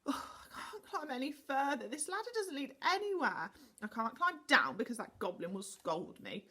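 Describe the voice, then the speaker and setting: A sulky, whiny little girl, close to tears, her voice pitched up high and swooping with every complaint, as a woman reading a storybook puts her on. The tone is a little breathy, and every grumble rises into a wail. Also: sing-song, brisk, fairly bright tone, exaggerated voice. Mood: tearful.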